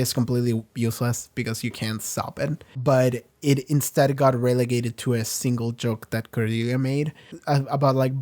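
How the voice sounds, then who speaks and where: A man's voice: mid-range voice, a little mellow. A man hosting a reaction video, rambling candidly through an episode review, with casual swearing and frequent restarts.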